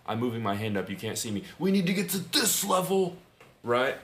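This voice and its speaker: A man's voice: mid-range voice, big pitch swings, a little fast, fairly bright tone. A man co-hosting a podcast, chatting casually with crude jokes and frequent laughs. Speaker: podcast co-host. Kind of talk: casual chat. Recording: echoey room, faint noise.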